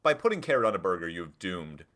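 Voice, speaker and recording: A man co-hosting a casual podcast, chatting and reading things out loud with mock drama. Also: low-pitched, very animated, fast. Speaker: podcast co-host. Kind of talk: casual chat.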